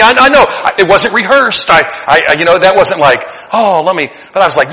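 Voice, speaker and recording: A pastor preaching a sermon, animated and conversational, swinging between loud emphatic passages and hushed earnest asides. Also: male voice, a little high, fast, few pauses. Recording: long hall reverb.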